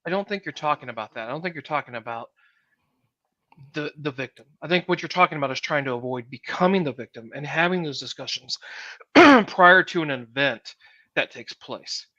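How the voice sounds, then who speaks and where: A man's voice: a little high, fairly quick, sharp tone, no echo, highs cut off. A man co-hosting a podcast, talking casually and rambling, often repeating words while he gathers his thoughts. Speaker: podcast co-host.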